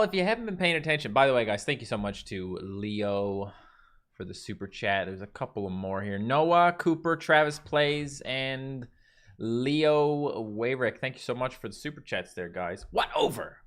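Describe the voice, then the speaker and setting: His voice is mid-range, clear, and resonant, a bit bright, and paced moderately. The man is a livestream host from Newfoundland, Canada, chatting with a Newfoundland accent and replying to chat from a nearly empty carpeted room.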